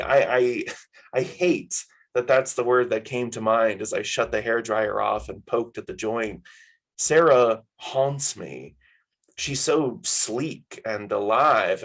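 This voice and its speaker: A man's voice: on the low side, vocal fry, rough recording. A man reading his own fiction aloud at a story hour, in a casual, wry first-person style.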